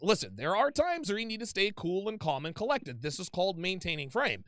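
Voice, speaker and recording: A man's voice: high voice, big pitch swings, fairly quick, fairly bright tone, no room sound, studio quality. A man hosting a call-in advice show, talking bluntly and emphatically with plenty of swearing. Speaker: host taking calls.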